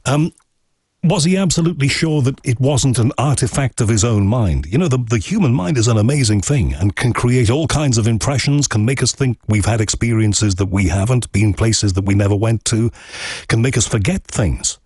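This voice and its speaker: A man's voice: medium pitch, animated, moderate pace, a little mellow, slightly rough, no echo, studio quality. A man hosting an interview, asking probing and skeptical questions, often at length. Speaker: interview host. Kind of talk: conversational interview.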